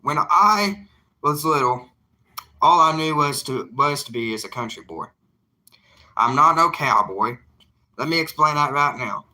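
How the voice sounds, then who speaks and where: A young man speaks in a thick Southern drawl, talking straight to his viewers in a casual vlog. His voice is intensely bright and forceful, and he hammers his points home with folksy repetition. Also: on the high side, lively intonation, a little slow, pauses often. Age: young adult. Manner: emphatic, folksy, repeats himself for emphasis. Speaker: evangelist vlogger.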